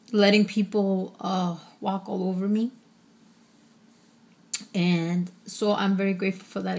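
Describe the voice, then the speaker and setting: A woman's voice: mid-range voice, a little mellow. A woman talking candidly to her vlog viewers, chatty with many fillers, holding back tears. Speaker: vlogger. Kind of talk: casual personal vlog.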